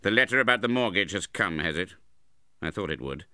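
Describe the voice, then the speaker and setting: A man's voice: low-pitched, animated, fairly quick, sharp tone, smooth, no echo, clean studio sound, full character voice. A man reading the part of a cold, hard-hearted middle-aged moneylender in an audiobook, speaking curtly and sternly. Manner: curt and stern.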